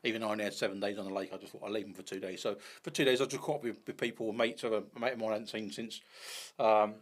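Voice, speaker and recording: A man, a podcast guest telling casual stories in an animated way, acting out dialogue with many restarts. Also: fairly low pitch, very fast. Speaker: podcast guest, bait company founder.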